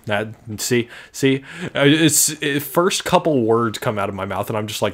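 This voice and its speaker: A man's voice: medium pitch, animated, unhurried. A young man casually commenting on a video game he is playing, wry and self-deprecating. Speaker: let's player. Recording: faint game music behind.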